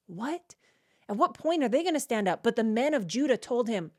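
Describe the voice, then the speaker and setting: A woman hosting a casual Bible study, reading verses aloud and then reacting and explaining them in everyday talk, often checking in with a quick "right?". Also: fairly high pitch, animated, a little mellow. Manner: frequent "like" and "right?" checks with the listener.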